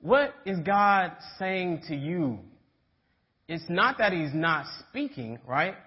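A man's voice: high voice, very animated, takes it slowly. A young man preaching a casual sermon, telling stories and checking in with his listeners. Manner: storytelling, checks in with "right?". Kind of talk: conversational sermon. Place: church sanctuary. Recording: dull sound with long church reverb.

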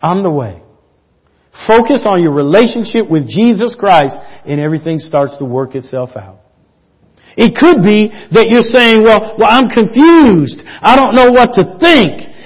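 A man preaching a sermon as pastor, swinging between loud emphatic peaks and soft hushed asides. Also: high voice, lively intonation, moderate pace, breathy edge. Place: church. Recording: dull lo-fi church audio.

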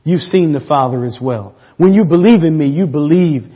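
A man preaching a sermon as pastor, swinging between loud emphatic peaks and soft hushed asides. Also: a little high, normal speed, breathy edge. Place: church. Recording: dull lo-fi church audio.

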